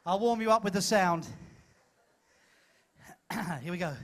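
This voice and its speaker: High, bright-voiced comedian on stage. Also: male voice, takes it slowly. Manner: playful, teasing, theatrical. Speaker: stage comedian hosting an audience game. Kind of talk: live stage comedy with audience participation. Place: cruise ship theater stage.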